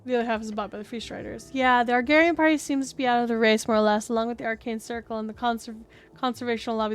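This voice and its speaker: A young woman streams a story game, reading its dialogue aloud and breaking off into chatty, sarcastic asides with the odd swear word. Her voice sits a little high. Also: fairly bright tone, smooth.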